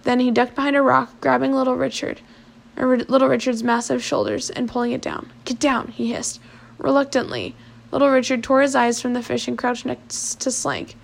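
A woman reading a storybook aloud at a steady pace, now and then correcting herself as she reads. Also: high-pitched, normal speed, vocal fry. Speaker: story reader.

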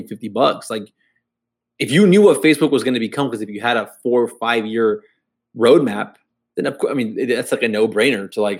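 A man's voice: lowish voice, breathy edge. A man with a Texan accent, co-hosting a podcast in loose, casual chat, swearing often and laughing easily. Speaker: podcast co-host.

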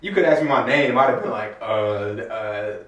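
A young man telling a story in casual chat, animated and laughing, acting out quotes. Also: mid-range voice, quick pace, recorded from a distance. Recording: roomy sound from off-mic.

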